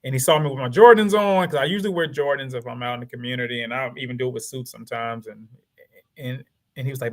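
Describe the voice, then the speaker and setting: A man in his thirties with a Southern country twang, a lawyer talking casually as an interview guest and telling animated stories. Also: medium pitch, fast. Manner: animated storytelling, acts out quoted voices.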